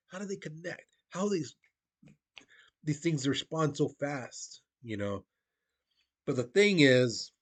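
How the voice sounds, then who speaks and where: A male history teacher giving a casual, conversational classroom lecture, talking to his students as "guys". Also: mid-range voice. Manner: conversational, addresses listeners as "guys", frequent restarts.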